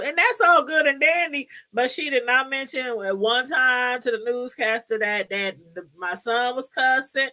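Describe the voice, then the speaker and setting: Animated high-voiced middle-aged woman host. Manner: animated, chatty, laughs often and greets viewers by name. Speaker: YouTube commentary host. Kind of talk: casual commentary to viewers.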